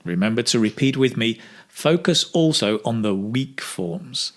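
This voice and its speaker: A man teaching English speaking, modelling phrases slowly with exaggerated intonation for learners to repeat. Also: medium pitch, expressive. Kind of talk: slow, clear pronunciation drill.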